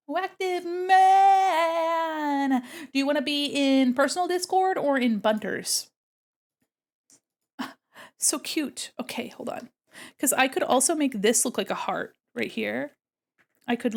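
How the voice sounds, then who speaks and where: A woman livestreaming while she draws, chatting playfully and talking through each step of her work. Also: high-pitched. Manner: chatty, narrates her own actions, playful. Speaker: livestreaming artist. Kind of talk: casual chat while drawing.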